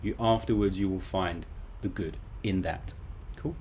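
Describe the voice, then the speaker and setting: A man's voice: sits low, unhurried, darkish tone, a little hiss or hum. A man in his thirties teaching a live online English lesson from home, casual and chatty with joking asides.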